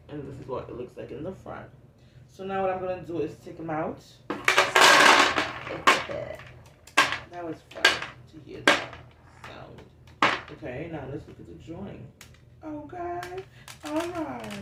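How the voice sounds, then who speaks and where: A woman's voice: fairly low pitch, gravelly. Woman, casual self-help vlog, candid and rambling, swears a lot, distant mic, echoey room. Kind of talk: unscripted casual monologue. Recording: roomy, distant mic, faint noise.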